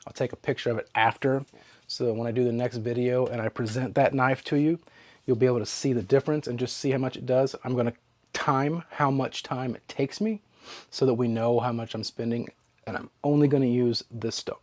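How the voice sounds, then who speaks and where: A man hosting a knife sharpening channel, talking casually to his viewers in a relaxed, chatty way while he works. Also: mid-range voice, fairly quick, no echo. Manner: relaxed and chatty, with fillers and trailing asides. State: hiccups. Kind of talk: casual demo talk to camera.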